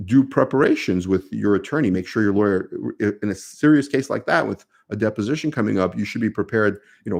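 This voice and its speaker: A man's voice: on the low side, creaky. A man with a New York accent, a lawyer answering viewer questions on a casual live stream, speaking conversationally with many fillers.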